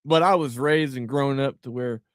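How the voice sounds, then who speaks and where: A man's voice: mid-range voice, moderate pace, smooth, dry recording. Blunt middle-aged man ranting, dry sound. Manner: blunt, profane, heated ranting. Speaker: podcast host. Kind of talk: casual podcast commentary.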